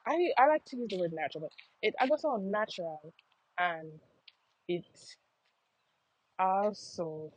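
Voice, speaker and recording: With lively intonation, a measured pace and long pauses, a young American vlogger talks casually to her viewers in a Jamaican patois accent during a walk outdoors, often repeating phrases. Her medium-pitched voice comes through a dry recording with slightly dull lo-fi audio.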